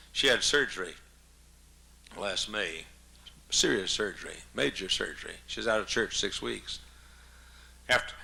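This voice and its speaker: Gravelly older preacher, bright and folksy. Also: male voice, lowish voice. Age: 70s. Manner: folksy and joking, with frequent coughs. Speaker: pastor. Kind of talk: humorous sermon storytelling.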